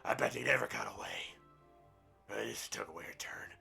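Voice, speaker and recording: Gravelly, husky man mocking a book. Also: lowish voice, animated, normal speed, pushed and bright, faint music behind. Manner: crude mocking asides, profane. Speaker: gaming roleplay streamer. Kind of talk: reading a book aloud with commentary.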